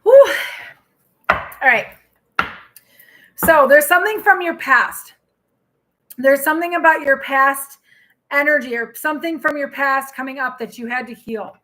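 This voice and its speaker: A woman hosting a live tarot reading, chatting in an animated way and answering her viewers' comments. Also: high voice, normal speed, long pauses. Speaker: tarot reader and healer.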